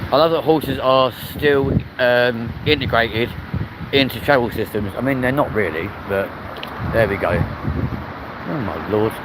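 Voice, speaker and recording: A man's voice: medium pitch, normal speed. A man, chatting bluntly and swearing freely while live-streaming on a walk through a city park. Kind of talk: casual walking live stream. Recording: loud outdoor wind and street noise. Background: wind and traffic noise.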